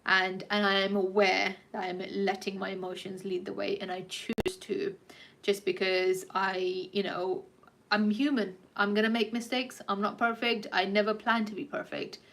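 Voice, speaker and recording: Frank, chatty woman vlogging to camera. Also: mid-range voice. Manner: chatty and frank, with casual swearing; loose and rambling, acting out little conversations. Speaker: personal trainer and life coach. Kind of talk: casual talk to camera.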